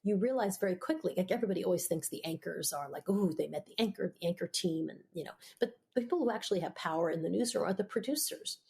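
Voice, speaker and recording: Low, gravelly-voiced woman journalist. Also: lively intonation, darkish tone. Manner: candid, opinionated, quick to laugh. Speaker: guest, broadcast journalist. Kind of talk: conversational interview.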